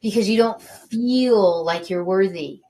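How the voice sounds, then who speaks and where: A woman hosts a talk show and speaks slowly and deliberately. She affirms her guest's point and turns to address the viewers directly, in a mid-pitched voice. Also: dark tone, a little hiss or hum. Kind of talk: interview host speaking to viewers.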